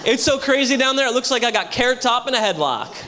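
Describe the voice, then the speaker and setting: A young man doing a brash stand-up comedy set with loud crowd work at a hotel show. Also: extremely high pitch, expressive, quick pace, very noisy. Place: hotel comedy show before a live audience. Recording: live room with audience.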